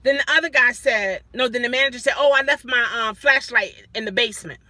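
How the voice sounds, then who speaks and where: Bright high-voiced woman vlogger. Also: fairly quick, no echo. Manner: animated, acts out quoted people. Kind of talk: casual storytelling.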